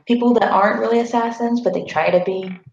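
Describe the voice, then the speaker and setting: A wry female elf traveler, played by a woman at the table, measured and politely teasing. Her voice has a gravelly fry. It sounds echoey through a muffled mic. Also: a little high, steady tone, slight background noise. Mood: earnest.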